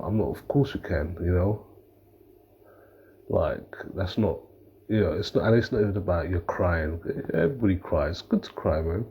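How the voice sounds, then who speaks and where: A man's voice: low voice, darkish tone, husky, lo-fi sound. A man giving a casual, rambling reaction commentary, swearing freely and breaking into laughter. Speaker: reaction vlogger.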